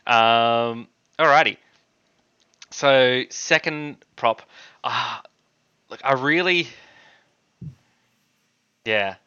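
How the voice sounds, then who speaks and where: A man's voice: medium pitch, extremely slow, pauses often, pushed and bright, clean tone, no echo. An Australian man co-hosting a casual rugby podcast chat, earnest and prone to stumbling and repeating words. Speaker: podcast co-host. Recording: dry, slightly dull mic.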